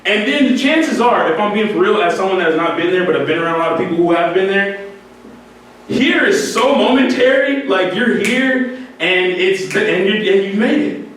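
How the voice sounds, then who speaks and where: A man's voice: high voice, fairly quick, a bit bright. A man giving an earnest, candid motivational talk to music students, often breaking into laughter. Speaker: speaker addressing music students. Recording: echoey hall, voice from far off, faint noise.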